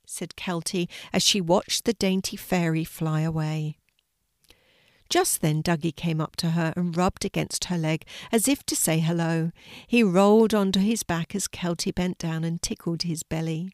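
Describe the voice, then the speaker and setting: A woman's voice: lowish voice, moderate pace, darkish tone, no echo, studio quality. Older woman reading a children's story.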